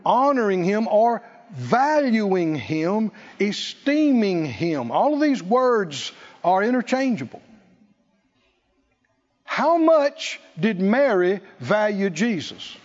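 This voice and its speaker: A man with a high, very animated voice preaches slowly as pastor, emphatically repeating key lines so his congregation can respond. The sermon takes place in a church sanctuary, and the recording is dull lo-fi with long hall reverb.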